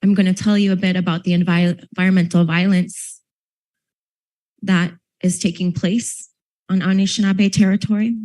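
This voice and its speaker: A woman's voice: on the low side, level tone, moderate pace, a little mellow, low-quality recording. A woman from Minnesota speaking earnestly on a panel at a university event, a little choked up. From Minnesota, United States. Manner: earnest, emotional, slightly choked up. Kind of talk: public panel talk.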